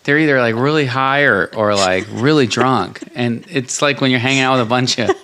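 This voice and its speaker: A man's voice: medium pitch, fairly quick, bright, forceful tone, a little hiss or hum. A man co-hosting a podcast, making wry, rambling asides about a sitcom. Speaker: podcast co-host. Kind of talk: casual recap chat.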